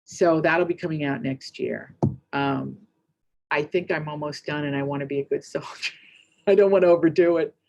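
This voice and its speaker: A middle-aged woman giving a keynote speech, telling a story in a chatty, rambling, animated way with quick asides. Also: sits low, creaky, muffled recording. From United States. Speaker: keynote speaker.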